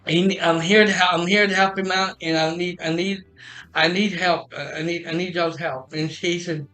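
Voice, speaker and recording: A man hosting a podcast stream, telling a long story in a halting way, restarting phrases and acting out what others said. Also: high-pitched, fairly even intonation, pushed and bright, faint music behind, rough recording. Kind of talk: casual rambling storytelling. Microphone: streaming mic.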